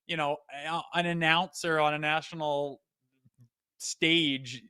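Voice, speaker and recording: A man co-hosting a hockey podcast in a lively, sarcastic, profane way. His voice is bright and sharp. It is recorded dry and close. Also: fairly high pitch, takes it slowly, smooth, dry recording. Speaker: podcast co-host. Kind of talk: casual sports chat.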